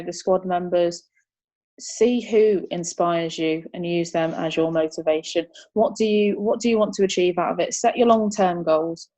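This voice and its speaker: A young woman, chatting as an interview guest, upbeat and quick to laugh. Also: lowish voice, a little mellow. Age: 20s. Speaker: martial arts competitor, interview guest. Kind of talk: casual interview chat.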